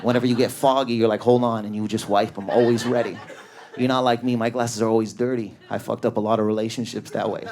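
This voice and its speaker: Profane, high-energy male stand-up comic. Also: level tone, a little mellow, slight background noise. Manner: high energy, profane, neurotic, rapid riffs. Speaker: stand-up comedian. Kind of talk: stand-up comedy, riffing on an audience member. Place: comedy club stage. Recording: live club audience laughter.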